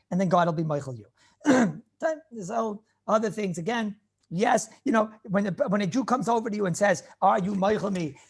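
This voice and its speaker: A rabbi with a gravelly, husky voice teaches a casual class on Jewish law. He rambles and circles back on his words. His English is peppered with Hebrew and Yiddish terms. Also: high-pitched, a little mellow. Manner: rambling, repeats words and restarts phrases.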